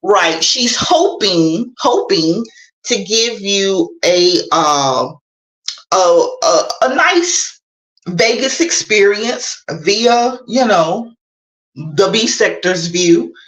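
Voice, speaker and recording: A woman calling in to a livestream, talking in a playful, drawn-out way. Her pitch swoops widely while she speaks slowly. The sound carries a roomy echo. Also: sing-song, fairly bright tone. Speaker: caller joining a livestream. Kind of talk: casual chat. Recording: echoey room.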